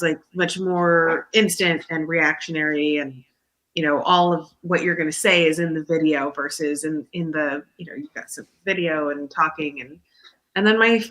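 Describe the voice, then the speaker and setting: A woman's voice: fairly low pitch, fairly bright tone. A woman guest who reads tarot, chatting and explaining at length. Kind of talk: casual chat.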